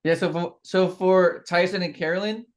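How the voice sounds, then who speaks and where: A man's voice: sits high, fairly even intonation, moderate pace. A man mentoring a group over a video call, thinking aloud as he reads product labels.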